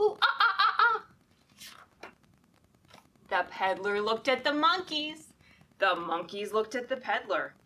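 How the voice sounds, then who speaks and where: A woman's voice: a little high, fairly bright tone. A woman reading a picture book aloud to children as a librarian, often asking them questions and inviting them to join in, heard from a little distance. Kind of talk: children's storytime read-aloud.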